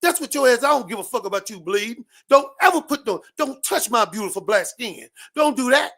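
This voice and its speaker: A man hosting a show, giving a loud, profane comedic rant full of repeated catchphrases. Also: very high-pitched, lively intonation, a little fast, creaky. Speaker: show host.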